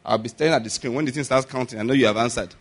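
A man preaching a sermon with a Nigerian accent, animated and chuckling often, putting frequent rhetorical questions to his congregation. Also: medium pitch, racing.

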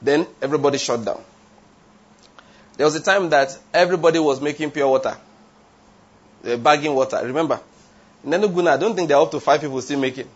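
This man's voice sits fairly high and a little rough, moving at a quick pace broken by long pauses. He preaches a sermon emphatically, asking the congregation rhetorical questions and wandering off into tangents. The recording sounds dull and lo-fi.

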